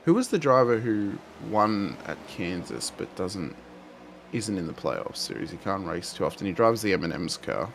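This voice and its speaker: Low-voiced enthusiastic race caller. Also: male voice, sing-song, normal speed, vocal fry, noisy background. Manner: enthusiastic, repeats words as he warms up. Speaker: lead race commentator. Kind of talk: sim racing play-by-play and banter.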